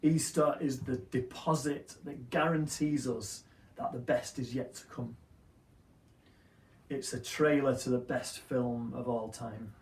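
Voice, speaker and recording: A pastor delivers an Easter sermon in a steady, earnest voice of middle pitch, building his points through rhythmic repetition. The sound is roomy and slightly distant, as if the mic sits away from him in an echoing room. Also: slow. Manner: earnest, rhythmic preaching with repeated phrases.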